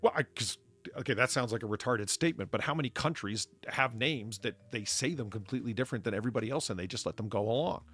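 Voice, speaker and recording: A man's voice: mid-range voice, quick pace, fairly bright tone, breathy edge, faint music behind. A man co-hosting a casual chat show, rambling and profane as he riffs on trivia. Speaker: podcast co-host.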